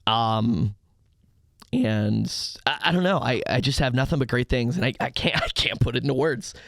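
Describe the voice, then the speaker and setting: A young man chatting on a podcast at an ordinary pitch, recorded close and dry. He tells stories with rising excitement and now and then shouts out crowd chants. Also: normal speed, gravelly, no room sound. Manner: excitable storyteller, acts out crowd hype in loud bursts. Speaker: podcast guest, arena host. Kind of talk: casual podcast chat.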